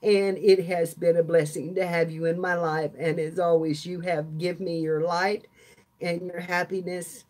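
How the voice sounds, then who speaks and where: A woman's voice: fairly low pitch, little pitch movement, normal speed, darkish tone. An older woman, hosting a casual live stream chat, chatty and laughing often as she talks to her viewers. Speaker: craft channel host.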